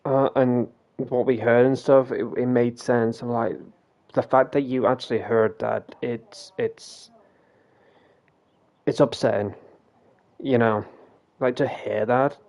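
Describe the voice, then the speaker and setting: A man's voice: medium pitch, fairly even intonation, takes it slowly, long pauses, a little mellow. A man casually telling a ghost story during a game stream, rambling, swearing freely and acting out what people said. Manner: rambling, swears freely, retells quoted dialogue.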